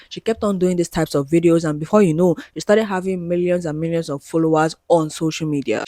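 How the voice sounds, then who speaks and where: A man's voice: sits high, warm tone, no echo, studio quality. A man narrating casual commentary about an online creator, chatty, with apologetic asides. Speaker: commentary channel host.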